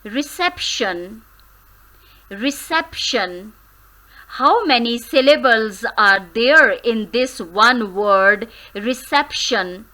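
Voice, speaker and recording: A woman teaches a grammar lesson, sounding words out carefully syllable by syllable. Her voice is bright and a little high, and she speaks at an unhurried, deliberate pace. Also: poor audio. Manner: slow, careful syllable-by-syllable drilling; switches briefly into Hindi.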